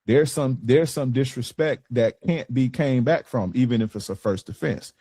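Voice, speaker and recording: A man's voice: medium pitch, moderate pace, warm tone, dry recording. Blunt, profane man coaching on dating. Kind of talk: casual coaching talk to a group.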